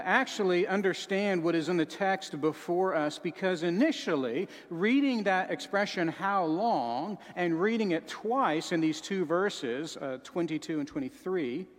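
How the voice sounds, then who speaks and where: Male preacher, high voice, dramatic delivery from soft to shouting, long hall reverb. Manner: dramatic, shifts between soft sorrowful and shouting. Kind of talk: sermon.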